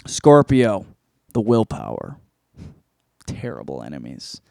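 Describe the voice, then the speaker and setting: A man's voice: lowish voice, huge pitch swings, slow, creaky, long pauses, mellow, dry recording, clean studio sound. A man hosting his own solo comedy podcast, rambling, profane and mocking himself as he goes. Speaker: podcast host.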